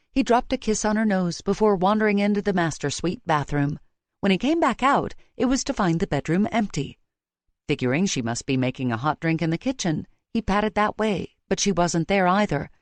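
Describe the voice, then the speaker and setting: A woman reading a romance audiobook in a measured, emotive way, close to the microphone. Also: fairly low pitch, dry recording. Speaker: audiobook narrator. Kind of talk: scripted romance narration. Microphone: close studio mic.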